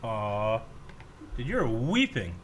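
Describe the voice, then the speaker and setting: A man co-hosting a casual podcast, chiming in with quick playful teasing remarks. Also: fairly low pitch, very animated, slight background noise. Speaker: podcast co-host. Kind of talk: casual group chat.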